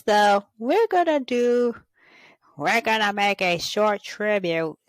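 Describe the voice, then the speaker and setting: A woman hosting a fan chat, giggly and rambling. She speaks slowly with a very lively pitch. The recording is close and dry. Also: dry recording, low-quality recording. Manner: giggly, rambling, frequent laughs. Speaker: host of a toy fan show. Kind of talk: casual chat with skits.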